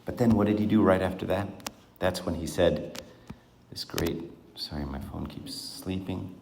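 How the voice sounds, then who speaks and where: A man's voice: low-pitched, unhurried, vocal fry, a little mellow, a little hiss or hum. A man giving an informal Bible talk to a small group around a table, asking them questions in a conversational way. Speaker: Bible teacher. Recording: echoey room.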